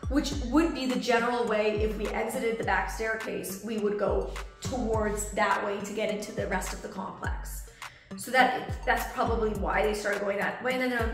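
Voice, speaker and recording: Young woman vlogger, fairly high voice, echoey room, faint music behind. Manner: animated storytelling, acts out quoted voices. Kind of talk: storytime vlog. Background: soft background music.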